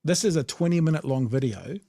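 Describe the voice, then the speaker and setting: A man's voice: a little high, animated, quick pace, creaky, mellow, no echo, clean studio sound. A man with a New Zealand accent hosting a podcast, giving blunt, sweary, sardonic political commentary. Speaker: podcast host.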